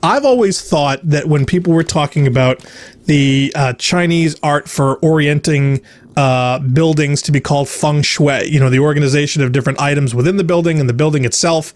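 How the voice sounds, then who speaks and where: A man's voice: on the high side, no echo. A man hosting a let's play, chatting casually, laughing often and reading viewer comments aloud. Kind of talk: casual gameplay chat.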